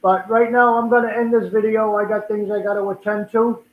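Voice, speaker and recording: An older man with a Boston accent rambles through a casual livestream chat, often repeating and restarting his words. His voice sits fairly high for a man. The sound is thin and phone-like, with a lot of room echo. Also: little pitch movement, a little fast, a little hiss or hum. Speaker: livestream host. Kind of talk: casual live stream chat.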